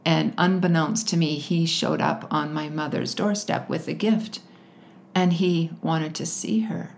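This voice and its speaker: A woman candidly telling her personal story as an interview guest, laughing often and animated as she retells it. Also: low voice, measured pace, gravelly, a little hiss or hum.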